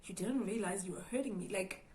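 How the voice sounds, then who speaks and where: A woman's voice: mid-range voice, brisk, a little mellow, a little hiss or hum, low-quality recording. A young South African woman with a South African accent, telling her viewers a storytime vlog about being cheated on, acting out her own thoughts and speaking straight to the audience. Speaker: YouTuber.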